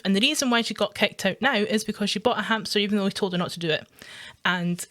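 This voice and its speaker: A woman with a Scottish accent ranting in a casual, animated vlog. She swears freely and breaks into laughter often. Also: medium pitch, quick pace. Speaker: gaming vlogger.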